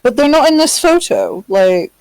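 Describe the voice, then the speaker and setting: A woman chatting casually with friends while playing a game, unhurried and full of fillers. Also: high-pitched, expressive, gravelly, darkish tone, clean tone, dry recording, poor audio. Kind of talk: casual let's-play chat.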